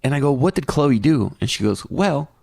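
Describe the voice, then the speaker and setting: A man's voice: mid-range voice, expressive, moderate pace, gravelly, darkish tone, dry recording, clean studio sound. A middle-aged man co-hosting a podcast, telling a family story in casual chat and acting out his kids' voices. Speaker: podcast co-host.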